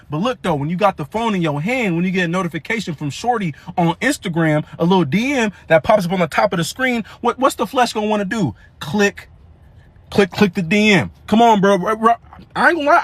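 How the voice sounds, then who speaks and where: A young man telling a comedic story in an animated, slangy, rambling way, often restarting his sentences. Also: sits high, a little fast, slightly rough, dry recording.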